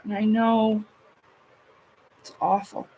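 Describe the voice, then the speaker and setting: A woman's voice: medium pitch, flat delivery, takes it slowly, mellow, breathy edge. A woman, chatting casually to her livestream viewers in a blunt, profane way. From Canada. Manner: blunt and profane, with frequent laughs. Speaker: streamer.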